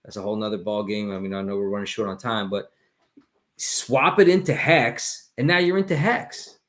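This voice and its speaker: A man talking enthusiastically on a casual crypto livestream, pitching an idea and calling everyone "man". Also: normal speed, fairly bright tone.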